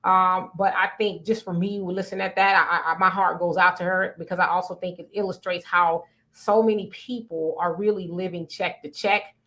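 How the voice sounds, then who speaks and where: A woman's voice: fairly low pitch, flat delivery, moderate pace, few pauses, pushed and bright. Chatty woman co-hosting a livestream. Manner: chatty, many fillers and restarts. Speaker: livestream co-host. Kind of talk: casual livestream chat, reading comments.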